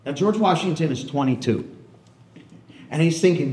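A male historian spins a lively story for a room of listeners, often checking in with them. His voice sits a bit high, and the hall adds a roomy echo. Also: normal speed. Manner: animated, keeps checking in with the audience. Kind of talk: storytelling lecture.

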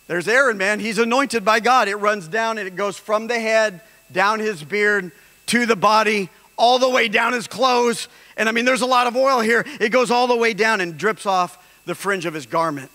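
A man preaching a sermon as pastor, emphatic and rising at times to shouts. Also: sits high, normal speed. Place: church hall. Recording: long reverb of a large hall.

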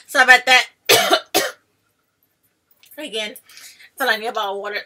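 A woman vlogger giving an excited, rambling reaction to a movie trailer, gushing and talking in loose run-on thoughts. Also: a little high.

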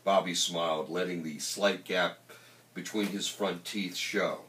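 A male author reading his own novel aloud in an animated, emphatic way. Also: sits low, measured pace. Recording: roomy, distant mic.

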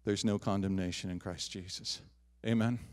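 A middle-aged man preaching a sermon as pastor, swinging from loud emphatic declarations to soft, quiet asides. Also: on the low side, moderate pace. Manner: animated preaching, rising loud on emphatic lines, dropping soft on personal asides. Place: church sanctuary.

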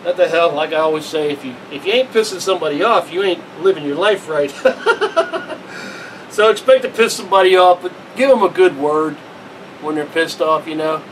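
A man's voice: on the high side, fairly quick, slight background noise, low-quality recording. A man giving a casual, rambling vlog monologue, earnest and preachy and breaking into chuckles. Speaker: vlogger.

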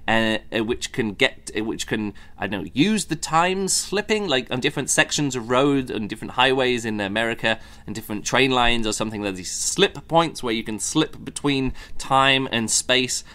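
A man's voice: medium pitch, expressive, normal speed, hardly any pauses, bright, forceful tone. A man hosting a podcast, giving a casual spoken book review in a rambling way, with many fillers and restarts, now and then mimicking characters mockingly.

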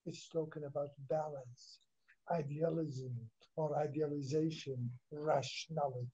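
A man's voice: fairly high pitch, fairly even intonation, unhurried, mellow. A man lecturing a class on literature, repeating himself, asking questions and answering them, and dropping a few words of Arabic. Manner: switches into Arabic briefly. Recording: dull lo-fi recording.

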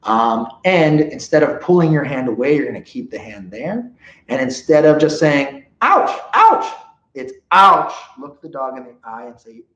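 A man leading a live dog training seminar, animated and often checking in with his listeners. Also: medium pitch, moderate pace. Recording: roomy, dull lo-fi sound.

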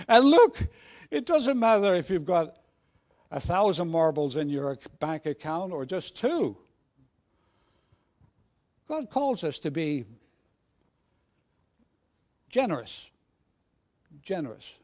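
A man's voice: sits high, big pitch swings, slow pace, long pauses. A man preaching a sermon in a jovial, conversational way with frequent restarts. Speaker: guest preacher.

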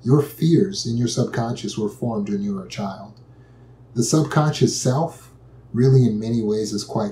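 A man calmly and patiently teaching a step-by-step method for overcoming anxiety, repeating key phrases as he explains. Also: lowish voice, slight background noise. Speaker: anxiety and trauma recovery teacher. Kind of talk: instructional talk. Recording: echoey room.

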